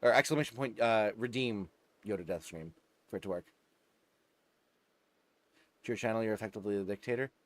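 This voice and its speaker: A man's voice: on the low side, a little fast, long pauses, no room sound. A man hosting a casual livestream, chatting with viewers, laughing often and stumbling over his words. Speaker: streamer.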